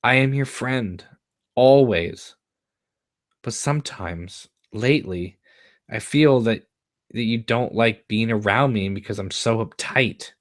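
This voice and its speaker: A man's voice: mid-range voice, takes it slowly, no room sound, studio quality, natural voice. A man reading the part of an anxious, earnest teenage girl who stammers and pleads.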